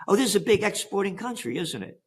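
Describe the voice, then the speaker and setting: A man's voice: sits high, sing-song, fast talker, vocal fry, husky. Older man, sarcastic rhetorical questions. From United States. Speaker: interview guest. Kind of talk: animated interview talk.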